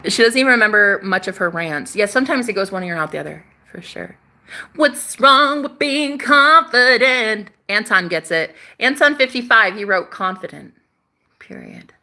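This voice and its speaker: A woman's voice: mid-range voice, animated, fast, hardly any pauses, sharp tone. A young woman hosting a spiritual livestream, chatting casually, reading out viewer comments with sass, swearing freely and laughing often.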